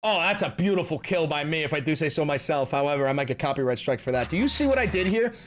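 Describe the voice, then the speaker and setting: Animated, swearing New streamer. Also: male voice, a little high, fast, over music. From New York. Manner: animated, profane banter. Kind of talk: casual reaction stream.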